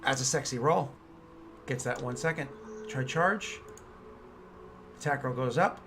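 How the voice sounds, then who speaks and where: A man running a tabletop game as game master, explaining rules and then narrating combat with excited energy. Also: medium pitch, measured pace, noisy background.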